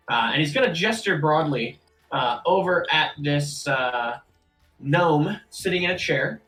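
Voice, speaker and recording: A man running a tabletop game as game master, narrating casually with many pauses and fillers. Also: fairly high pitch, lively intonation, fairly bright tone, soft background music, low-quality recording.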